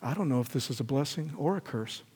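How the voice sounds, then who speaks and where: A man voicing a poor, wise old village man in a sermon story, speaking quietly and evenly. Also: medium pitch, breathy edge. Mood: measured. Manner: quiet, even and measured. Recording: echoey hall reverb.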